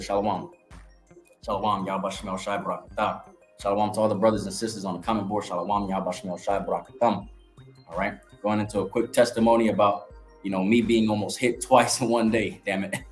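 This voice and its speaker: A man giving a casual preaching testimony from his ministry, reading scripture aloud. He talks bluntly, swears, and keeps checking in with "all right?". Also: lowish voice. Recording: roomy echo, faint music behind.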